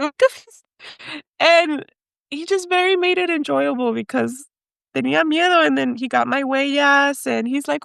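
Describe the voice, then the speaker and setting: Husky-edged woman from Mexico telling a story. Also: high voice, takes it slowly, no room sound. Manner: animated, laughs often, mixes in Spanish. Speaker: podcast guest. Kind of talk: storytelling in an interview.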